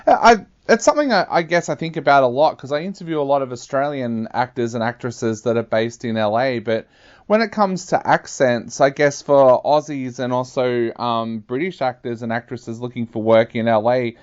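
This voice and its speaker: A man interviews an actress, his questions winding along with restarts and friendly asides. His voice sits at a middle pitch. The sound is dull and lo-fi. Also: normal speed. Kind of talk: casual interview.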